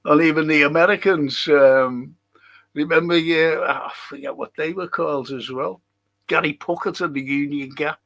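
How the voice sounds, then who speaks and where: A man hosts a casual live stream as a historian, chatting and joking with his viewers. He speaks slowly and unhurriedly. His voice is fairly high and has a gravelly, creaky edge. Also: pushed and bright. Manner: chatty and jokey, greeting viewers by name.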